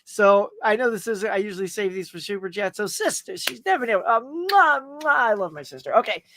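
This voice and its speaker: A middle-aged man with a Southern US accent hosts a casual live stream, chatting, reading comments, laughing often, and calling viewers by name. His high voice is expressive, quick, and sharp-toned, with a little hiss or hum in the background.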